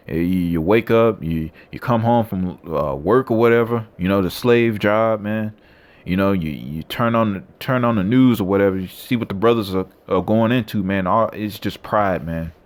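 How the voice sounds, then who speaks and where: A man's voice: lowish voice, normal speed. A man preaching and reading scripture aloud, blunt and coarse, tagging lines with "man" and "all right". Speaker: street preacher.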